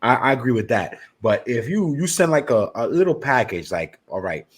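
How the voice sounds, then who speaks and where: A man from New co-hosting a casual sports podcast, excitable and profane as he hypes up his ideas. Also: medium pitch, normal speed, slightly rough. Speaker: podcast co-host.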